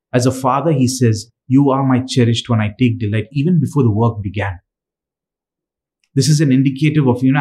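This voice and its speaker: A man's voice: mid-range voice, darkish tone, rough recording. A man from Dubai preaching a sermon and reading scripture aloud, earnest, with frequent fillers and restarts.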